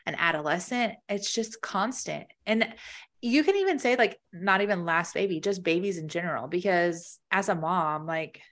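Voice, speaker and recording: A woman in her thirties with a fairly low voice talks in a loose, rambling way and leans on filler words. She is a mother chatting casually on a podcast. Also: moderate pace, fairly bright tone. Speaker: podcast co-host. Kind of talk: casual chat.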